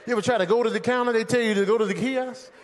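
A man doing live stand-up comedy on stage, animated and loud, shouting out his impressions of airport staff. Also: very high voice, very fast. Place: comedy stage with a laughing audience.

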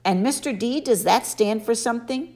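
A woman's voice: on the high side, moderate pace, a little mellow, voice pushed up, lightly acted. A woman voicing an anxious, confused young boy who asks questions in a raised, nervous voice.

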